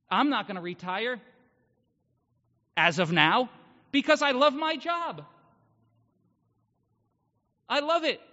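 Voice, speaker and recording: Male pastor, very high and bright voice, earnest emphatic sermon, muffled recording in a reverberant church hall. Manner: earnest, emphatic preaching with rhetorical questions.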